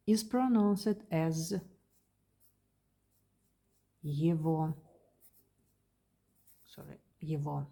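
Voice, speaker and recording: A woman with a Russian accent teaching a beginner language lesson, repeating each word slowly and carefully. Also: lowish voice, dark tone, husky.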